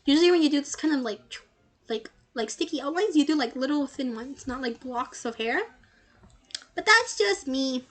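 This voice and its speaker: Chatty, bubbly young female streamer with a high voice, casual commentary. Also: expressive, moderate pace. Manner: chatty, bubbly, with many filler words.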